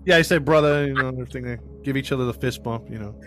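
This podcast host has a medium-pitched voice and talks rapid-fire against background noise. Casually narrating a true crime case, he piles on fillers and restarts and performs the quoted lines himself.

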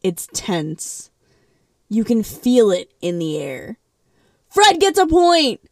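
A young adult woman co-hosting a comedic recap podcast, playful and quick to put on silly voices. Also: a little high, sing-song, vocal fry, dry recording, clean studio sound. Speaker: podcast co-host. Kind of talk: casual comedic recap chat.

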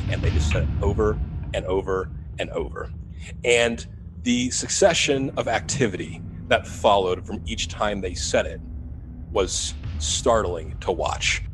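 A man who works as a paranormal investigator, telling the story of a haunting in an animated, building way in an interview. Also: lowish voice, a little hiss or hum, low-quality recording. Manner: animated retelling, rising to loud urgency.

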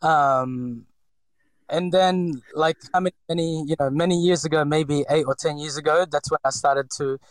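A man's voice: on the high side, moderate pace, no echo, rough recording. A man in his forties from the Philippines with a slight Filipino accent, telling his story in a hesitant interview full of fillers and restarts. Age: 40s. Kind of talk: reflective personal interview.

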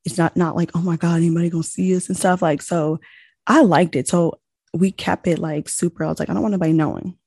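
A young woman chatting casually, telling a long story with animated retellings of quoted exchanges and lots of "like.". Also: fairly low pitch, fast talker, vocal fry, husky, no echo, clean studio sound. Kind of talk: casual chat.

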